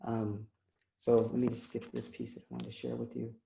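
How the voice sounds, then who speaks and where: A man reading his own poems at a video-call poetry event, measured and pausing with ums between pieces. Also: medium pitch, flat delivery, vocal fry, dark tone. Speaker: poet reading his work. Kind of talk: poetry reading with spoken introductions. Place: home, over video call. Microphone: computer mic on a video call. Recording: echoey video call audio.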